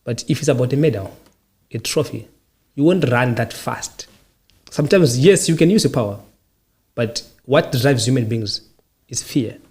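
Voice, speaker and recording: A man's voice: mid-range voice, normal speed, long pauses, darkish tone. A man hosting a podcast, answering questions in a reflective way, with short repeated statements. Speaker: podcast host. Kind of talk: casual interview answers.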